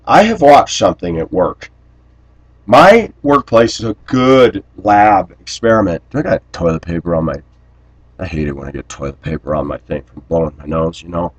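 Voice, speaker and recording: A man delivering a rambling personal monologue to camera, blunt and aggrieved, often clearing his throat. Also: sits low, animated, normal speed, rough recording. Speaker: vlogger.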